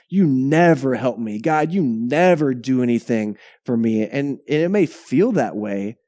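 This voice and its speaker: A male pastor preaching a sermon in a conversational, animated way, often checking in with "right?" and repeating words. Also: medium pitch, dry recording, studio quality.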